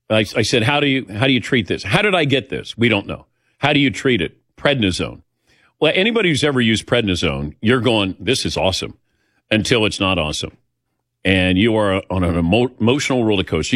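A man's voice: lowish voice, lively intonation, brisk, fairly bright tone, no echo, studio quality. An older man hosting a show, telling personal stories in a chatty, self-deprecating way and acting out the voices he quotes. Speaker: host. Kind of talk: casual storytelling chat.

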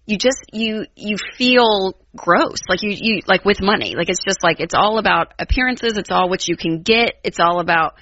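A woman's voice: mid-range voice, moderate pace, few pauses, bright, forceful tone, dry recording. A woman co-hosting a call-in advice radio show, chatty and rambling, with lots of fillers. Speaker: radio co-host. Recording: dull lo-fi radio broadcast sound.

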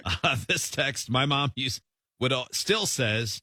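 A man's voice: mid-range voice, animated, takes it slowly, bright, forceful tone, no room sound, studio quality. A man hosting a radio show, reading listener texts aloud in easygoing casual chat and chuckling between bits.

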